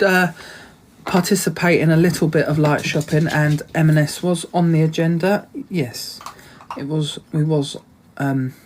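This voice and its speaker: A man's voice: on the high side, slight background noise. A young man, telling a rambling, indignant story to his viewers in a casual vlog, full of fillers and "I said" asides. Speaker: vlogger.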